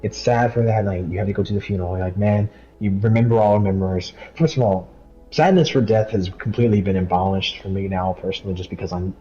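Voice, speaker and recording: A man hosting a casual Bible study, arguing his points emphatically and reading verses aloud slowly. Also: deep voice, mellow, muffled recording, soft background music. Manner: emphatic, talks over the other speaker, reads verses slowly. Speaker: host leading a Bible study.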